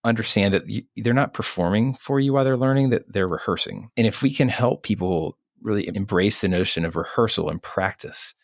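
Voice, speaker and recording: A man in his thirties, a physician guest, speaking in an earnest, measured, thoughtful way in an interview conversation. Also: fairly low pitch, no echo, studio quality.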